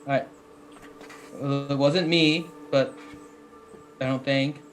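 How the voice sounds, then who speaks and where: A man's voice: medium pitch, fairly even intonation, slow pace, slight background noise. A man playing a tabletop game, hesitant and apologetic. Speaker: player.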